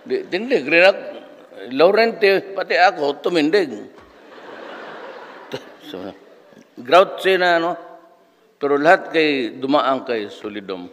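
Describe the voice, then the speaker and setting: A man's voice: a little high, lively intonation, unhurried, pauses often, a bit bright. A man in his seventies with a Filipino accent, telling rambling anecdotes in a commencement speech and mixing two languages. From Philippines. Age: 70s. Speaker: speaker at a commencement. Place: large hall. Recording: long hall reverb.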